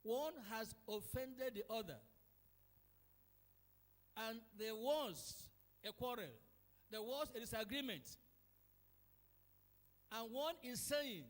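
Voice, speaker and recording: A man's voice: very high-pitched, lively intonation, slow, pauses often, big-room sound. A Nigerian man preaching a sermon in church, emphatic and acting out quarrels in quoted voices. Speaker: pastor.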